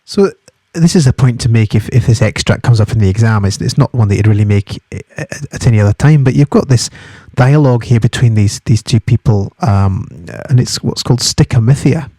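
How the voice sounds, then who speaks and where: A man's voice: mid-range voice, brisk, mellow, no room sound, studio quality. A Scottish man who reads a novel aloud and explains it for exam study, talking conversationally with frequent restarts. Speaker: English literature teacher.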